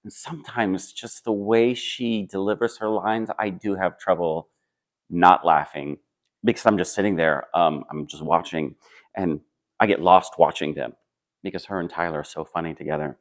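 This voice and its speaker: Deep-voiced man, stage actor interviewed. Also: fairly even intonation, normal speed. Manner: thoughtful, hesitant with many fillers and restarts. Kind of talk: casual interview answers.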